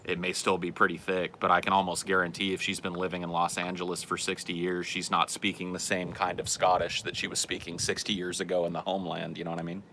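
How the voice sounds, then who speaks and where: A man's voice: sits low, monotone, fast, hardly any pauses, bright, forceful tone, slight background noise. A man hosting a casual livestream chat, reading questions and answering in a rambling, self-correcting way at home.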